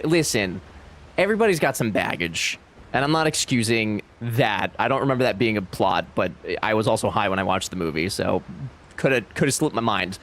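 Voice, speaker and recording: A young man streaming a game and chatting casually with his viewers. He talks in an animated, chatty way and swears freely, his pitch leaping up and down across a wide range. His voice sits in a middle register for a man. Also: normal speed. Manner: animated, chatty, swearing, reads chat aloud. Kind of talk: casual live-stream chat.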